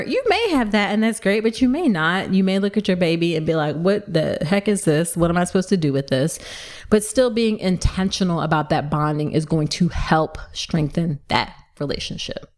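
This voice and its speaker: A woman obstetrician hosting a solo podcast, talking fast and excitedly as she gives advice to listeners. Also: lowish voice. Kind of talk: solo educational podcast talk.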